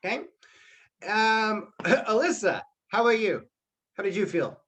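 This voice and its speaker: Over a computer mic on a video call, a man teaches a live online class in a chatty way, repeatedly checking in with "okay?" His voice is high-pitched, unhurried, and a bit bright.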